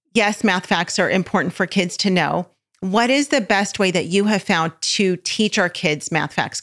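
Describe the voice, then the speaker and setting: A woman's voice: medium pitch, a bit bright. A middle-aged woman hosting an interview, chatting easily with her guest. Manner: friendly, laughs easily, chatty. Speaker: podcast host. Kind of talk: casual interview chat.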